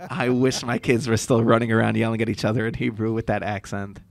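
A man's voice: on the low side, little pitch movement, moderate pace, creaky. A man talking reflectively in a casual chat as a co-host, often restarting his sentences and laughing.

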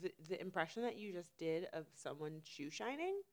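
A young woman chatting casually as co-host, playful, laughing and quick to react. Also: fairly low pitch, big pitch swings, a crowd in the background. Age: young adult. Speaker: podcast co-host. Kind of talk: casual chat.

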